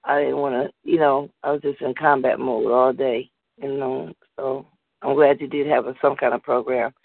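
A woman's voice: very deep voice, level tone, normal speed, gravelly. A woman hosting a call-in poetry show and reading her poem bluntly and fiercely. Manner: blunt, fierce rhythmic recitation. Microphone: phone call. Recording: tinny phone line, dry.

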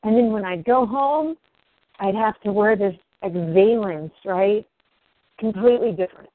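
A woman guest telling her own story candidly, swearing freely and rising in pitch as she speaks. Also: unhurried, no echo. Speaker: interview guest. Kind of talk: emotional personal storytelling. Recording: dry, tinny phone-like line.

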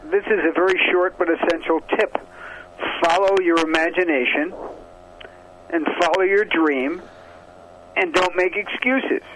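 A man's voice: high voice, steady tone, unhurried, pauses often. Man telling stories over a noisy line. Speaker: radio guest. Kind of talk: storytelling on a radio show.

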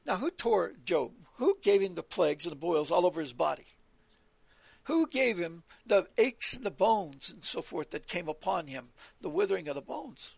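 A man with a gravelly, husky voice that sits high for a man, giving an earnest evening Bible talk. He rambles from point to point, reads scripture aloud and explains it, recorded dry and close. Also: big pitch swings, moderate pace, dry recording. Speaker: preacher.

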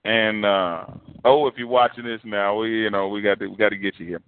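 A man's voice: fairly low pitch, fairly quick, clear, resonant tone. A man preaching a sermon, telling a story in a loose, conversational way and acting out the people in it. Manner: conversational, animated storytelling with acted quotes. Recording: dry, tinny phone-like sound.

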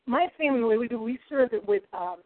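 A middle-aged woman telling kitchen stories in a lively, expressive way as a guest cook. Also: fairly high pitch, a little fast. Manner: lively, expressive, laughing storyteller. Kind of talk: animated storytelling chat. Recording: tinny phone-like line.

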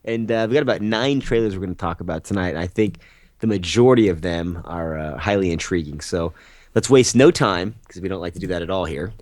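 A man's voice: low voice, fairly quick, darkish tone, no room sound, studio quality. A man co-hosting a movie podcast, rambling and joking with sarcastic asides. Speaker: podcast co-host. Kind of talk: casual movie podcast chat.

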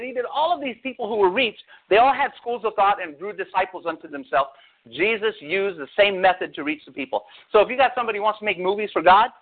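A middle-aged man preaches with a high, lively voice, drifting into stories and sarcastic jabs. The sound is thin and tinny, as if it came over a phone-line radio broadcast. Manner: animated storytelling with sarcastic asides. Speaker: pastor. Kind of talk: sermon.

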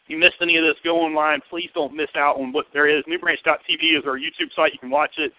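Fast-talking Southern pastor on a tinny line. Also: male voice, on the high side, no room sound. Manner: lively, joking and conversational. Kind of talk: sermon. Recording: tinny, phone-like and dry.

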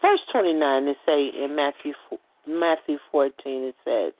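A woman preacher slowly reading scripture aloud in a sermon, stumbling and restarting as she reads. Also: deep voice, dry recording. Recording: tinny phone-line radio broadcast.

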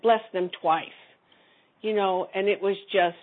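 A woman's voice: mid-range voice, fairly even intonation, a little slow. A woman sharing a personal story casually in a group call, rambling with many restarts. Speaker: community call participant. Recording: phone-line audio.

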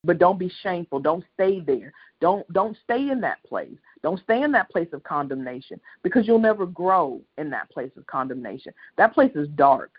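Husky preacher over a lo-fi phone line. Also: mid-range voice, lively intonation, normal speed, hardly any pauses. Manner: impassioned, repetitive, swells to loud peaks. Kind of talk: sermon on a prayer line.

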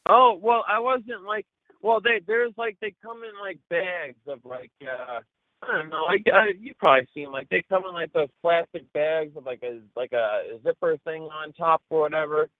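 A man's voice: a little high, normal speed, dry recording. Profane young man on a tinny line. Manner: profane, rambling, full of filler words. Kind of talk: casual chat, storytelling. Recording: tinny phone-like line, dry.

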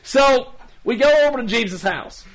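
A man's voice: very high-pitched, unhurried, fairly bright tone, rough recording. A man hosting a casual podcast, rambling through a story and laughing as he goes. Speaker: podcast host.

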